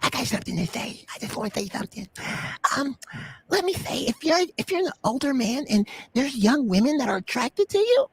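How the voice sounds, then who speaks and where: A man hosting a casual reaction stream, talking loudly and breaking into exclamations and laughter. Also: very high voice, very animated, a little fast, breathy edge. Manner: loud, laughing, exclamatory outbursts. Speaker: stream host reacting to a video.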